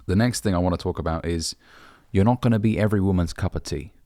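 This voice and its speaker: A man's voice: low-pitched, fast talker, mellow, no room sound, clean studio sound. A young man from the UK, a dating coach, giving blunt, brotherly advice and swearing casually. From United Kingdom. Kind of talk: direct-to-camera advice talk.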